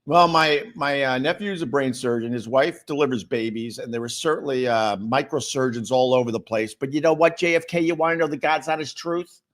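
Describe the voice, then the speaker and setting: A middle-aged man with a mid-range voice hosts a livestream, talking a little fast. He chats casually and answers viewer comments, rambling and sarcastic, with lots of repeated words.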